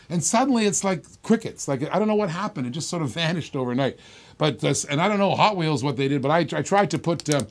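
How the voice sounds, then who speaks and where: A man hosting a live-stream auction of toy cars, with brash, excitable salesman patter. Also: fairly high pitch. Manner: rapid-fire salesman patter, loud and excitable; brash, boastful.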